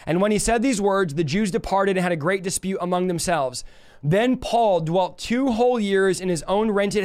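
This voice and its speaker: Male Bible teacher, earnest and heartfelt, high clear voice. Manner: earnest, reads scripture aloud, grows emotional.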